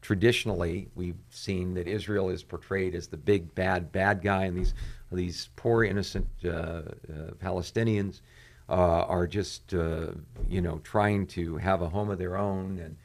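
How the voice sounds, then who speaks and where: A man, a pastor and show host, commenting on current events and reading quotes aloud, pausing often with "uh" fillers. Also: deep voice, fairly even intonation. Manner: frequent "uh" fillers, reads quotes aloud with rising intensity.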